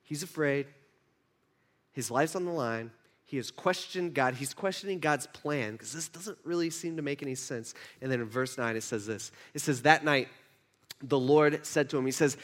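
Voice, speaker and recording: A man preaching a sermon, telling a Bible story in an animated way and acting out the characters. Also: moderate pace. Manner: animated storytelling, voices biblical figures with rising pitch. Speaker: pastor.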